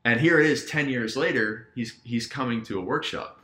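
A man's voice: medium pitch, normal speed, a bit bright. A man, a guest business coach, telling stories in casual podcast talk and acting out quoted dialogue with animation. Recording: roomy echo.

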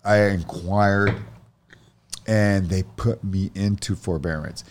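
Blunt, low-voiced guest man. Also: fairly even intonation, slow, slight background noise. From Sacramento area. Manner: blunt, profane storytelling. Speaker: guest, jiu-jitsu academy owner. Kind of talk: casual podcast chat.

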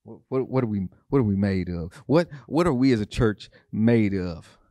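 A man's voice: fairly low pitch, normal speed, mellow, no room sound. A male pastor preaching a sermon, repeating phrases and asking his congregation questions.

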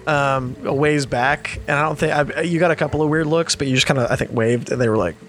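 A man narrating a tabletop game as game master, relaxed and rambling with hesitations. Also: fairly high pitch, fast talker.

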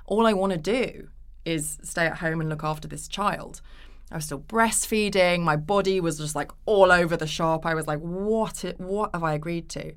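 A woman guesting on a casual podcast, an actress, tells stories in a smooth, lowish voice at normal speed with few pauses. She brings her anecdotes to life by acting out the quoted voices.

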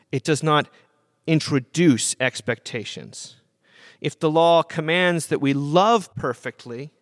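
A man's voice: medium pitch, dry recording, studio quality. A man giving an earnest talk on law and gospel, stressing key phrases and often restarting his sentences. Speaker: speaker on Christian theology.

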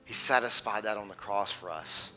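A man in his thirties preaching a sermon as a teaching pastor, swinging from loud and passionate to hushed and intimate. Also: fairly low pitch, normal speed, soft background music.

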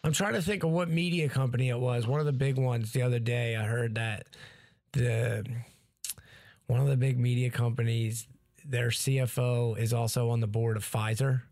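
A man's voice: mid-range voice, moderate pace, no echo. A man telling crude stories in casual podcast chat, acting out the people in them. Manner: profane, animated storyteller, acts out voices.

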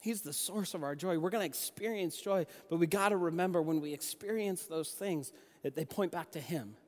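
A young adult man giving a sermon, telling conversational personal stories with lively restarts. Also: on the high side, a little fast, in a large hall. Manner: conversational, animated storytelling with restarts. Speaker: youth pastor and junior high basketball coach.

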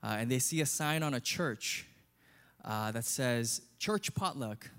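A man's voice: medium pitch, a little slow, a bit bright, clean tone. A male pastor preaching a sermon in an earnest, conversational way.

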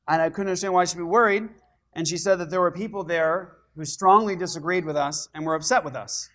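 A high-voiced man preaching to his church, recounting events with animated energy. His voice climbs and grows louder at exciting moments, in a sermon delivered to a congregation. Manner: animated storytelling, rising loud when excited. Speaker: pastor.

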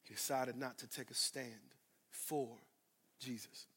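A man preaching a sermon, swinging from loud declarations to hushed asides and repeating phrases for emphasis. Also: mid-range voice, fairly even intonation, a little slow, breathy edge, in a large hall. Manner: addresses congregation directly, repeats phrases for emphasis. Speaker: pastor.

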